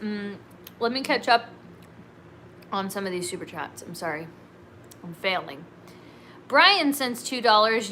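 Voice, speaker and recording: Bubbly, lively-voiced Californian woman. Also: mid-range voice, unhurried, long pauses, slight background noise. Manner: bubbly, giggly, says "like" and "dude" a lot. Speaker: livestream host. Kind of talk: casual solo livestream chat.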